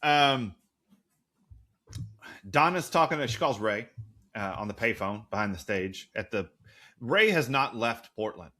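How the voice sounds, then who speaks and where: A man co-hosting a casual recap podcast, talking at a middle pitch. His chat is sarcastic, profane and animated. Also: measured pace, long pauses. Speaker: podcast co-host.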